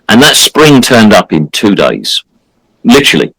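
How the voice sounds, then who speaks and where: A low-voiced man tells a story on a casual podcast, his pitch swinging widely as he acts out the people he quotes. He keeps his points emphatic, and the sound is dry and close. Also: big pitch swings, a little slow, fairly bright tone, husky, no echo, low-quality recording. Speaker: podcast co-host.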